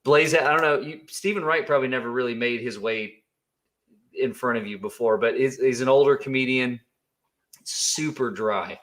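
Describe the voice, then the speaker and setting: A man chatting loosely on a livestream, drifting from topic to topic with plenty of fillers and chuckles. His voice sits at a middling pitch for a man, with nothing unusual about it. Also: moderate pace, fairly bright tone. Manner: rambling, laughs often, with many fillers. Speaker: livestream co-host. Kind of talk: casual chat on a livestream.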